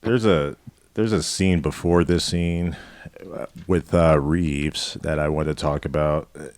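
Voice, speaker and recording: Male co-host, very deep voice, dry close sound, giggly recapper. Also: fairly even intonation, unhurried, a little mellow, dry recording. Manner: laughs through his recaps. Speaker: podcast co-host. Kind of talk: casual movie-recap chat.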